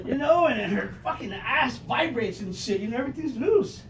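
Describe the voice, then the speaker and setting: A man in his fifties doing a stand-up comedy set, telling profane, loud, animated stories. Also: extremely high pitch, normal speed, vocal fry, a loud crowd. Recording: echoey room, mic heard from a distance, noisy.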